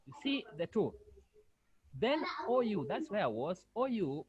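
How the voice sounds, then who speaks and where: Lively male language lecturer, faint background noise, repetitive firm teaching on a call. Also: sits high, fairly quick, highs cut off. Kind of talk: online language lesson.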